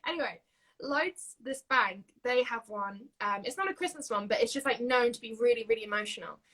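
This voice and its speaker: In a rough recording, a young woman with a Yorkshire accent talks a little fast in a fairly high, fairly bright voice. A singer-songwriter from Yorkshire, she's a giggly interview guest whose casual chat is packed with fillers.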